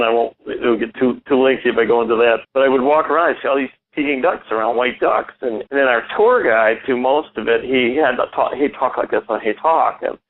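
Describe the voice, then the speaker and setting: A man who is a ventriloquist and school speaker, talking enthusiastically as a radio guest, rambling with many restarts. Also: mid-range voice. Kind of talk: casual radio interview. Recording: tinny phone-line sound.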